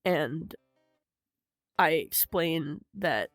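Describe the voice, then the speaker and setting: A young woman telling her own story in an unscripted vlog, halting and emotional, with frequent swearing. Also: deep voice, expressive, no room sound, clean studio sound, faint music behind. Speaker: vlogger.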